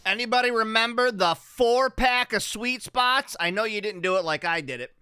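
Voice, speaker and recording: A man's voice: high voice, moderate pace, bright, forceful tone, clear, resonant tone, dry recording, clean studio sound. A man hosting a radio show, talking in a loose, profane, rambling and jokey way. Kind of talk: casual chat on a morning radio show. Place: radio studio.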